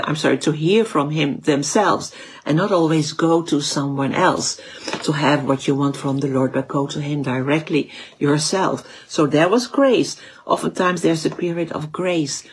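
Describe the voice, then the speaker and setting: A woman teaching from the Bible in a conversational way, with frequent restarts and fillers. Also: low-pitched.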